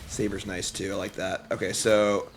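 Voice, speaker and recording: A man's voice: low voice, level tone, normal speed, background noise. A man streaming a card game, giving casual commentary and berating himself for his mistakes after a long, tiring session. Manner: self-deprecating, exasperated outbursts.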